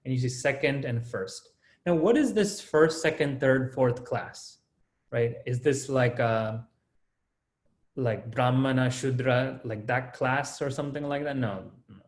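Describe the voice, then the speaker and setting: A man teaching an online class, walking students through each rule step by step and checking in with a quick "right?" or "okay?". His voice sits at an ordinary middle pitch. The room behind him rings with noticeable echo. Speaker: Sanskrit teacher.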